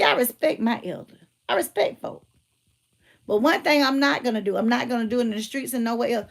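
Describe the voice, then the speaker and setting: A middle-aged woman, telling stories and giving emphatic, animated commentary. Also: a little high, vocal fry. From Georgia, US. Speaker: motivational speaker and teacher. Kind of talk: casual commentary with storytelling.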